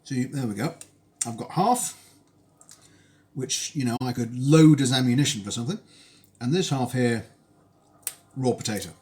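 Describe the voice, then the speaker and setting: Speaking at a moderate pace with frequent pauses, a British man with a medium-pitched, darkish voice cooks in his home kitchen on a live stream. There's a slight hiss or hum, and his casual chat is wry, full of tangents and dry asides.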